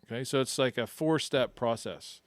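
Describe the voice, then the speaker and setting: On a podcast, a man coaches golf, explaining his tips patiently and step by step in a casual, chatty manner. His mid-pitched voice comes at a normal speed, recorded close and dry with no room sound at all.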